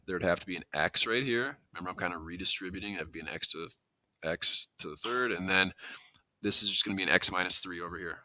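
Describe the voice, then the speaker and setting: A man's voice: sits low, fast, bright, forceful tone, no room sound. A man teaching a math lesson, explaining steps in a conversational way, thinking aloud and correcting himself as he goes. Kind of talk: classroom lesson walkthrough.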